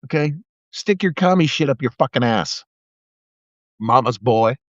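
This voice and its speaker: On a live video, a middle-aged ex-police officer speaks at a moderate pace in a fairly high, expressive voice, tearing into politics with profane sarcasm and mocking impressions. The sound, from a phone or webcam, is dull and dry.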